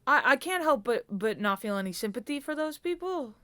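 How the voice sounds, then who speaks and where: A woman's voice: high voice, lively intonation, brisk, a bit bright. A young woman from New Jersey co-hosting a casual comedy chat, playful and self-deprecating. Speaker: podcast co-host.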